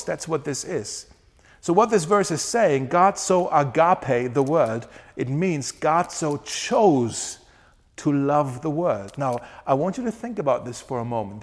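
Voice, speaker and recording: Earnest male preacher in a reverberant hall. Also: on the high side. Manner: earnest, varies pace for emphasis, laughs often. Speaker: pastor. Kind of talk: sermon.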